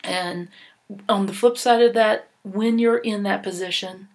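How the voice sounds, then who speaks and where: A woman's voice: medium pitch, steady tone, a little slow, a little mellow. A woman presenting a training session for volunteers, earnest and instructive, with a few fillers and restarts.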